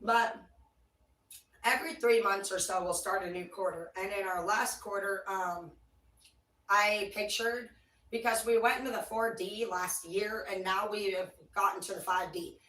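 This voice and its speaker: A woman's voice: mid-range voice, fairly even intonation, a little slow, fairly bright tone, far from the mic. A woman giving a casual tarot reading, blunt and rambling, swearing freely. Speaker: tarot reader. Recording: echoey room, voice away from mic.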